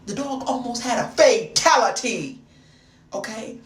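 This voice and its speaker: Animated, slangy woman telling a story. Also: fairly high pitch, unhurried. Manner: animated and slangy, talks to the listener as "baby" and "girl". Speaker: storyteller, video creator. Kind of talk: casual storytime. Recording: roomy, distant mic, noisy background.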